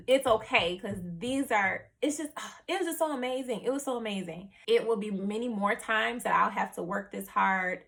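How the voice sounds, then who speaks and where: A young woman vlogger telling a personal story in a chatty, animated way, full of "like" and "you know.". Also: medium pitch. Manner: animated, acts out her family's reactions.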